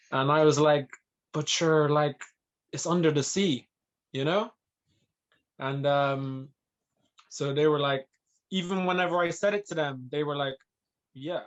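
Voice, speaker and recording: A man hosts a laid-back podcast conversation, musing slowly and pausing often with fillers. His voice sits a little high. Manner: relaxed, hesitant, many fillers. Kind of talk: casual interview chat.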